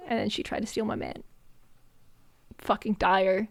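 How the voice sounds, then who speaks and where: A young adult woman streamer telling a story in casual chat, animated, swearing often and laughing between lines. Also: medium pitch, a little slow, creaky, pauses often, no echo.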